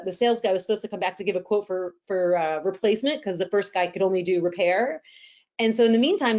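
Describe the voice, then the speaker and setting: A woman's voice: medium pitch, darkish tone. A woman, a real estate agent hosting a podcast, explaining contract details in an earnest, practical way. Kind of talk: casual podcast conversation. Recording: slightly dull lo-fi audio.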